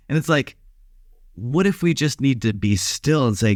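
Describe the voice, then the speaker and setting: A male pastor giving a short daily devotional, preaching in a relaxed, conversational way with some filler sounds. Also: mid-range voice, brisk, no echo, clean studio sound.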